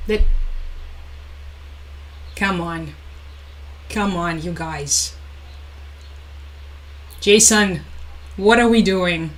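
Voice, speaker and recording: A woman's voice: mid-range voice, extremely slow, long pauses, rough recording. A young woman hosting a casual live stream, chatting, laughing often and reading out viewer comments. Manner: chatty, laughs often, reads chat aloud.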